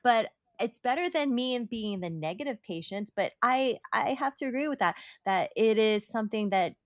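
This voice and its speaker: A woman co-hosting a podcast about motherhood, speaking in a measured, reassuring way as she offers gentle reframes. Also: a little high, lively intonation, dry recording, clean studio sound. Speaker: podcast co-host. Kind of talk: casual chat.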